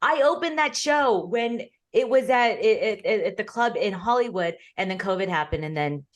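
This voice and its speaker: A woman's voice: medium pitch, animated, normal speed. A woman co-hosting a boxing talk show, chatting casually and telling stories with frequent laughter. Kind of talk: casual chat.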